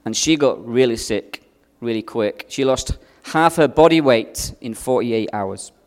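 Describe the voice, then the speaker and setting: A man preaching a sermon, telling a personal story with strong swings between loud and hushed delivery. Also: mid-range voice, lively intonation, unhurried, long reverb tail. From outside America.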